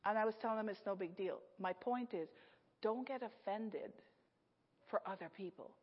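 A middle-aged woman preaching a storytelling sermon, animated, laughing often and acting out the people in her story. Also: medium pitch, moderate pace, husky. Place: church hall. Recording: echoey hall, slightly dull sound.

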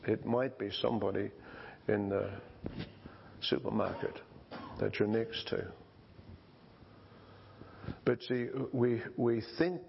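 A male pastor preaching a sermon in slow, conversational storytelling style with frequent restarts, in a dull lo-fi recording. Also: fairly low pitch, fairly even intonation, vocal fry, a little hiss or hum.

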